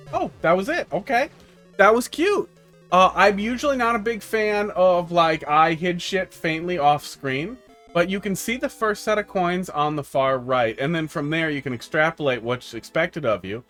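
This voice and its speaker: A man's voice: fairly high pitch, a bit bright. A man from the United States giving casual, joking live-stream commentary on viewer-made game levels, rambling and laughing often.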